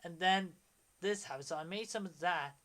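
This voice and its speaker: Young male streamer, 20s, bright rambling excitable delivery, casual commentary. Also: high voice, moderate pace.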